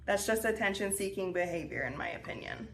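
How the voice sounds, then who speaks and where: A woman's voice: medium pitch, brisk, a bit bright, slight background noise. A young woman hosting a podcast, telling a personal story in a chatty way with lots of fillers and restarts. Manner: chatty, filler-heavy with many restarts and 'like'. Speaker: podcast host. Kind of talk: casual storytelling.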